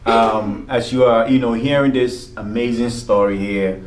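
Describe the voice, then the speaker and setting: A man's voice: medium pitch, steady tone, measured pace, recorded from a distance. A man hosting an interview, responding with frequent murmurs and laughing along with his guest. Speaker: show host. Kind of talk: casual interview. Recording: echoey room with faint room noise.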